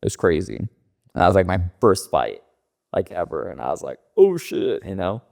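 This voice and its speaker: Loose, profane stories spill out of a young man from the Los Angeles area, a podcast guest talking casually with lots of fillers. His voice is low and expressive, fairly quick, with vocal fry.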